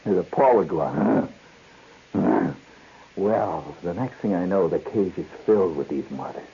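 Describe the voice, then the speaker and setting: A man hosting a radio show, telling a story in an animated way, acting out voices and sounds and laughing often. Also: deep voice, unhurried. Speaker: radio host. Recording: dull lo-fi 1970s radio broadcast with hiss.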